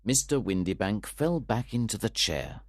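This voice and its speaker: Brief: deep-voiced male narrator for learner audiobooks, unhurried, close dry mic. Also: animated, dry recording. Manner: slow, clear, deliberate reading. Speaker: English learning story reader. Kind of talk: graded-reader narration.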